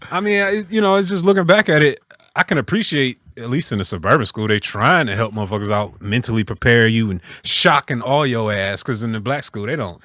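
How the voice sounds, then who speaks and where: Young adult man, podcast co-host, mid pitch, bright tone, dry sound, relaxed. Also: brisk, no echo. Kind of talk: casual chat.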